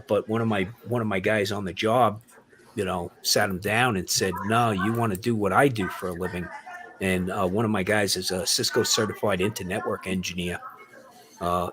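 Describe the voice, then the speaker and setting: Older male host, lowish voice, easygoing rambling chat full of uhs. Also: a bit bright, slight background noise. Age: 60s or older. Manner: rambling, many fillers and restarts. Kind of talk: casual group chat.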